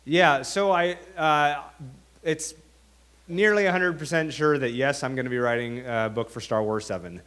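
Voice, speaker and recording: Brief: male author at a school event, casual and halting, middle pitch. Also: a bit bright, clean tone. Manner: chatty, many fillers and restarts. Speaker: author speaking to students. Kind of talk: reading aloud then explaining to an audience. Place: school auditorium.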